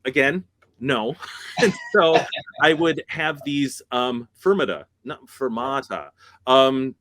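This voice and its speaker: A man's voice: medium pitch, slow, a bit bright, no echo. Chatty man, laughing asides. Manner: chatty, laughs often, self-correcting. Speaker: guest speaker, music teacher. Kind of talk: casual conference chat.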